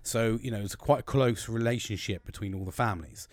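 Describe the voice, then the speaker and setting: A man's voice: lowish voice, quick pace, no echo. A man in his thirties hosting a late-night podcast, talking candidly and rambling with frequent swearing and restarts. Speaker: podcast host.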